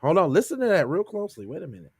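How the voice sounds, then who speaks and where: A man co-hosting a podcast, reacting to a news clip in animated, slangy casual talk. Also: on the high side, very fast, slightly rough, no echo, studio quality. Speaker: podcast co-host.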